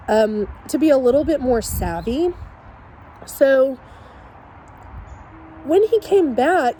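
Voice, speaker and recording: A woman with a high voice tells a story straight to her camera, chatty and animated. A faint hum sits behind her. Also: low-quality recording. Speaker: vlogger. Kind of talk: casual storytime.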